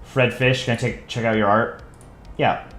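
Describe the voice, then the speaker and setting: A man casually chatting with viewers on a live drawing stream, relaxed and rambling. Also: medium pitch, normal speed, a little hiss or hum. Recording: echoey room with faint music.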